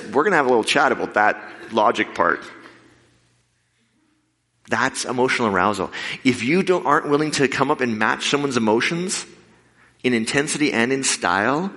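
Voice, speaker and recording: A man preaching a sermon with lively storytelling, acting out the voices of the people in his stories. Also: mid-range voice. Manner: animated, acts out quoted voices. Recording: long hall reverb.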